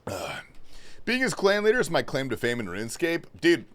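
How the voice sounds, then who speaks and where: A man's voice: a little high, wildly swooping pitch, normal speed, a bit bright. A man streaming a game live, chatting casually with viewers, laid-back and swearing often, calling everyone bro and man. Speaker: livestreamer. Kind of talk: casual gaming livestream chat.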